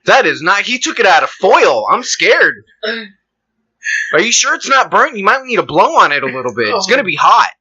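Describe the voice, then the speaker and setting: A shrill, prim man gasps in outrage at food he finds shocking, as a podcast host puts him on. His voice sits high and sharply bright and swoops wildly. The recording is slightly dull and lo-fi. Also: very animated, moderate pace, slightly rough, full character voice. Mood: appalled. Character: prim, scandalized white American man.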